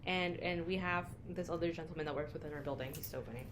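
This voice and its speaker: A woman's voice: sits low, quick pace. A young woman co-hosting a podcast, telling candid stories in casual chat and swearing freely. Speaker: podcast co-host.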